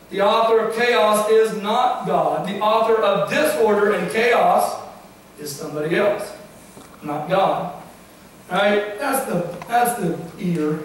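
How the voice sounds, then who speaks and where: A middle-aged man, a guest speaker, gives a lively science talk to a congregation and keeps quizzing them with "okay?" and "right?". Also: sits high, slight background noise. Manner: questions the audience often, with frequent "okay?" and "right?". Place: church hall. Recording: very echoey hall, from far off.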